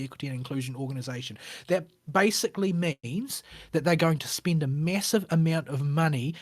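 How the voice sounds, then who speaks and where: A man's voice: fairly high pitch, dry recording. A man co-hosting a casual gaming chat show, blunt and opinionated, often hesitating with fillers. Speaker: podcast co-host.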